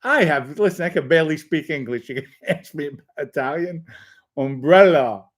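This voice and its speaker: Man, middle-aged, livestream host, somewhat high-pitched, casual, jokey, reads comments aloud, anecdotal. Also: normal speed. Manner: reads viewer comments aloud and jokes with chatters; rambling anecdotal storytelling.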